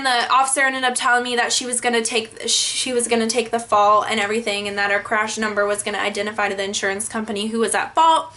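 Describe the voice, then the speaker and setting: A young woman vlogger tells a story to her camera in an animated, exasperated way, with frequent swearing and many filler "likes". Her voice sits high and sounds bright. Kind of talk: storytime vlog.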